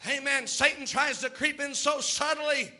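A man preaching a sermon in a church, impassioned and building to shouts, acting out the voices in his story. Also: very high voice, steady tone, normal speed. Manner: plays out quoted voices in his telling.

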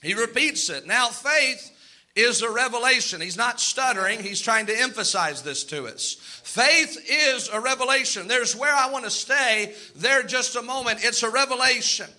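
A man's voice: very high voice, animated, moderate pace, hardly any pauses, bright, forceful tone. A male pastor preaching a sermon, repeating lines for emphasis and calling out amens.

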